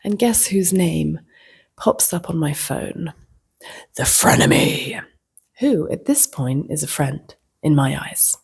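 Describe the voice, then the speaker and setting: A woman vlogger telling a personal story in a reflective, casual way, slipping into soft whispers. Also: deep voice, lively intonation, takes it slowly, vocal fry, husky.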